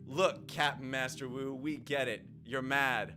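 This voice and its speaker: A man's voice: mid-range voice, steady tone, a little slow, voice pushed down, lightly acted. A grumbling pirate captain , read by a man. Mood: sulky. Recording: music playing behind the voice.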